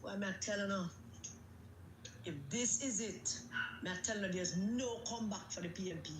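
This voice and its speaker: A woman's voice: mid-range voice, normal speed, echoey room, background noise. A woman with a Jamaican accent delivering an angry, emphatic political rant, repeating herself for force. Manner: agitated, emphatic, repetitive. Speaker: political commentator.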